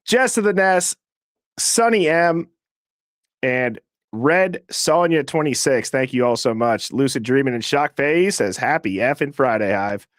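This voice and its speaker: Male stream host, slightly high-pitched, dry close mic, rapid easy patter reading viewer names. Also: animated, dry recording. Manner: fast, casual, shouting out names in quick succession. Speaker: host of a live call-in show.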